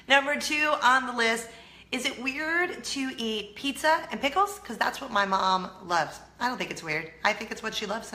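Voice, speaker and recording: A bright, forward-sounding woman with a slight Southern drawl, chatting to her viewers with a voice roughened by a lingering cold. She is self-mocking and laughs easily, and the room around her echoes a little. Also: on the low side. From California. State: hoarse from a cold. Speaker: vlog host. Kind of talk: casual chat to camera.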